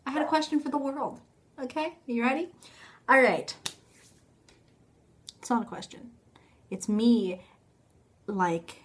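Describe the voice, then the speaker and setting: A woman's voice: on the high side, expressive, a little slow, pauses often. A young woman talking casually to her phone camera in a rambling, self-mocking vlog, full of fillers. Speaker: vlogger.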